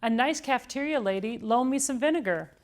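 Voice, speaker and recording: A woman's voice: on the high side, expressive, fairly quick, pitched above the performer's own voice, lightly acted. A woman voicing an eager, upbeat young boy who loves science, from a storybook.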